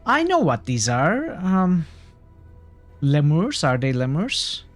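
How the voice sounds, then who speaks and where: A man's voice: fairly high pitch, wildly swooping pitch, slow, faint music behind. A man casually commenting while streaming a role-playing game, chatty and a little hesitant, reading game text aloud.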